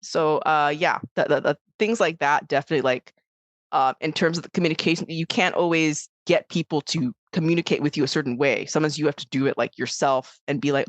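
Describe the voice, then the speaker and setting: A woman's voice: low voice, fairly even intonation, brisk, no room sound. A woman co-hosting a podcast in casual chat, rambling with many fillers and restarts, acting out quoted voices as she tells stories. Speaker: podcast co-host.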